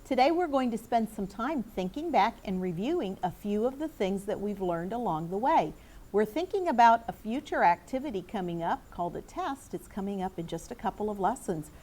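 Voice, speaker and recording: A middle-aged woman teaching a classroom lesson, speaking clearly and encouragingly as she calls on students by name. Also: mid-range voice, animated, fairly quick, dark tone.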